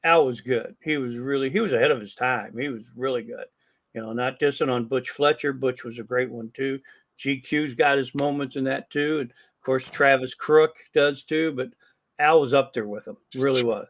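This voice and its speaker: A man's voice: medium pitch, moderate pace. An older man, a longtime wrestling promoter, telling anecdotes on a podcast and acting out the dialogue as he goes. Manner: animated storyteller who acts out quoted dialogue. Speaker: guest, longtime wrestling promoter and ring announcer. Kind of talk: casual podcast storytelling.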